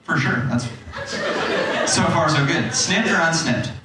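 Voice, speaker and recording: A male comedian works the crowd with quick, teasing jokes. His voice is fairly high and very lively. It comes from a distant mic in a roomy, echoey club full of loud laughter. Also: heavy background noise. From New York City. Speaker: stand-up comedian doing crowd work. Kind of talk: stand-up crowd work.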